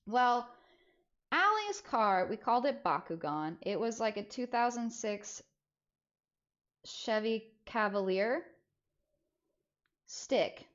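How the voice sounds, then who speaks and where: A young woman streamer casually telling a story, animated and swearing freely, acting out the voices of people she quotes. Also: a little high, takes it slowly, pauses often. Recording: slightly dull lo-fi audio.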